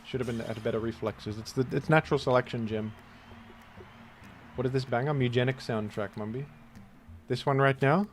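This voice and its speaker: With a medium-pitched, fairly even voice, this gaming streamer talks at a moderate pace and pauses often. He chats casually and tells long-winded, self-mocking stories between moves, against faint music and slight background noise.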